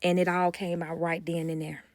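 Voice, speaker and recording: A woman telling a casual storytime, acting out quoted dialogue with animated gossipy energy, close to a phone mic. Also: on the low side, moderate pace, no echo. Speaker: nanny vlogger.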